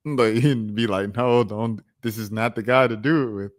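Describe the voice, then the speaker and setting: A man's voice: on the low side, normal speed. A man hosting a reaction stream, talking in a laid-back, rambling way and repeating words as he goes. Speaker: host. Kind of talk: casual reaction-stream chat.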